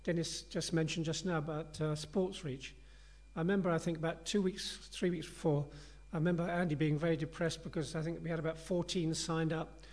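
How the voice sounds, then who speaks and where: Earnest, slightly higher-voiced male preacher. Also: little pitch movement, a little fast, hardly any pauses, darkish tone. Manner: conversational, earnest and reflective. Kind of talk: sermon.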